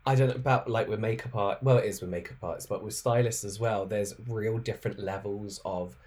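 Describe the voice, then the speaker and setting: A stylist in casual chat, mostly giving short, quiet replies and then sharing a view. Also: mid-range voice, fairly even intonation, a little fast.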